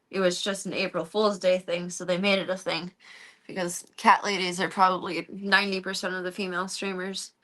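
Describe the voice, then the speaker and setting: A woman's voice: lowish voice, fairly bright tone. Young woman streaming from home, just chatting and cooing at her cats. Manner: chatty, talks baby talk to her cats. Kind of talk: casual chat while streaming.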